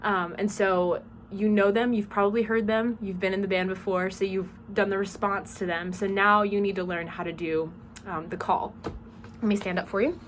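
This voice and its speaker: A woman's voice: medium pitch, level tone, moderate pace. A young woman from South Georgia with a Southern accent, casually teaching drum major commands with plenty of "um" fillers. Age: young adult. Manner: chatty, with frequent "um" fillers and spoken demonstrations of commands. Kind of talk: casual instructional talk. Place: small dorm room. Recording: small room with clear background noise.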